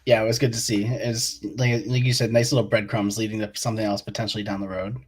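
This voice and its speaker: A man's voice: on the low side, little pitch movement, fast talker, husky. A man from Boston, a guest on a casual wrestling podcast, talking in a laid-back, hesitant way with fillers.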